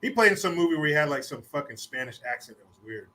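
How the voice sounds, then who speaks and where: Guy rambling and cussing on his podcast, kinda high voice, really bright and forceful. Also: very animated. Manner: rambling, swears often, puts on quick mocking voices. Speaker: podcast host. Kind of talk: profane casual storytelling.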